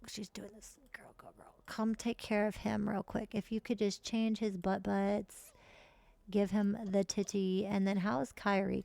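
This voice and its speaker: Creaky-voiced woman streaming a game. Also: dark tone, no echo. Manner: chatty, profane, voices her characters in quick high asides. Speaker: streamer playing a life-simulation game. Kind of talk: casual live gameplay commentary.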